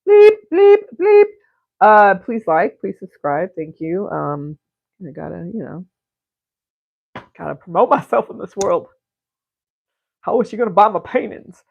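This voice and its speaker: A woman's voice: fairly low pitch, unhurried, gravelly, pauses often, a little hiss or hum. A woman hosting a live stream while she paints at home, talking in a rambling, giggly, profane way and often cutting herself off. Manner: rambling, giggly and profane, with frequent self-interruptions. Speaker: livestream painter and host. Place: home studio. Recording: dull lo-fi stream audio.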